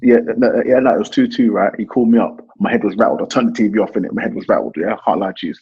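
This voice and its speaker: Young man, raspy and quick, lively fan-panel banter. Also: lowish voice, muffled recording. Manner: rapid, slangy, laughing storyteller. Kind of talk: casual banter.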